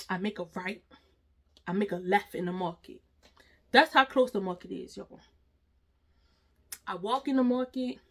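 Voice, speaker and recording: A woman's voice: mid-range voice, a bit bright. A woman, dramatically telling a storytime vlog and talking straight to her viewers with slang. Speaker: storytime vlogger.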